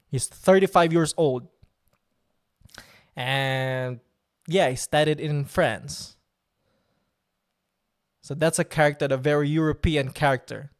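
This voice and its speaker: A man chatting casually on a live stream, joking and laughing at himself. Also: medium pitch. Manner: joking, laughs often, self-mocking.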